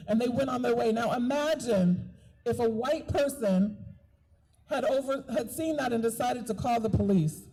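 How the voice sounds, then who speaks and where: A woman's voice: a little high, dark tone, slightly rough, low-quality recording. A woman giving an impassioned outdoor protest speech, earnest and repeating key phrases for emphasis. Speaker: rally speaker and doula. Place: outdoor park rally.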